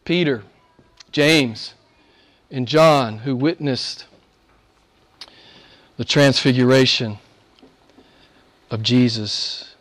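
A man's voice: mid-range voice, drawn-out words, long pauses, a bit bright. A middle-aged man preaching a sermon, rising and falling emphatically as he exhorts his listeners.

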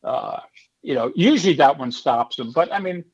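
His voice is a little high with a breathy edge, and he talks at a moderate pace on a rough recording. This man in his fifties, a former stand-up comic, casually tells interview stories with animation, acting out the people and voicing hecklers in character.

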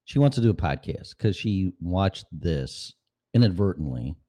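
Talking at a moderate pace, a middle-aged man with a low, warm, expressive voice hosts his own podcast. Set up at home in his apartment with a studio mic and headphones, he goes on a profane, rambling rant in a casual monologue.

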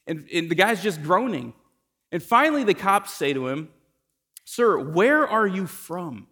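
A male pastor preaching to his congregation with a slightly high voice. He talks in a relaxed, conversational way, telling stories and jokes about himself. He often restarts phrases and repeats words as he goes. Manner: conversational storytelling preacher with self-deprecating jokes. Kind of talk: sermon.

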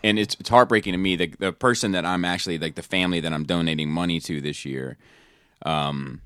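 A man's voice: deep voice, brisk, clean tone, dry recording, clean studio sound. A man co-hosting a casual podcast chat, swearing freely and laughing as he tells stories. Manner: swears freely, laughs often, animated storytelling. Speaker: podcast co-host.

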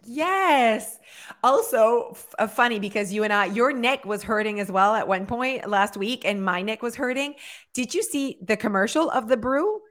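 A woman co-hosting a casual chat, talking fast with lots of fillers and acting out what people say. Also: on the high side. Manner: chatty, filler-heavy, animated storytelling. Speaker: podcast co-host.

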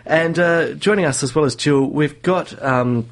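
A man's voice: on the high side, a little slow. A man hosting a casual radio science show, chatty, laughing often and using plenty of fillers.

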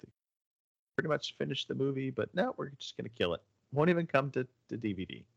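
A man's voice: medium pitch, big pitch swings, quick pace, vocal fry, no echo, lo-fi sound. A man hosting a casual gaming podcast, rambling with lots of fillers and restarts. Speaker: podcast host. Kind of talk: casual chat about video games.

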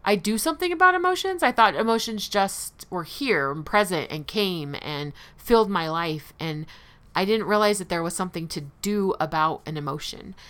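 Candid woman with a bright, smooth voice. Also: on the low side, normal speed. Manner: candid, conversational, laughs lightly at herself. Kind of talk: personal recovery talk to listeners.

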